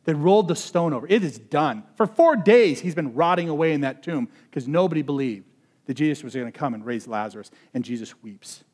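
A man preaching a conversational sermon. He swings between loud emphasis and hushed intensity and often says "like". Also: a little high, lively intonation, a little fast. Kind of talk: expository sermon.

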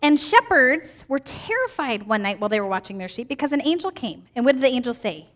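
Woman in her 40s, children's ministry teacher, high bright voice, upbeat, keeps asking the kids questions. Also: sing-song, a little fast. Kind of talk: children's church lesson.

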